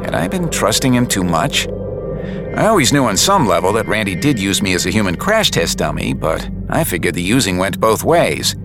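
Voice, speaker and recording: A man's voice: deep voice, big pitch swings, normal speed, music in the background. A man narrating a first-person detective audiobook in a wry, hard-boiled tone. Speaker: audiobook narrator and lead character.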